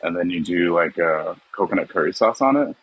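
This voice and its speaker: A man talking casually as a guest about his barbecue cooking, relaxed and quick to laugh. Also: sits low, husky, low-quality recording. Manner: relaxed, laughs easily, trails off. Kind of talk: casual chat.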